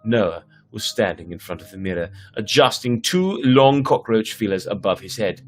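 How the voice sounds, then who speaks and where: A man's voice: lowish voice, normal speed, few pauses, soft background music. Man reading a spooky kids' book aloud. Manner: relaxed, chatty sign-off with fillers. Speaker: storyteller host.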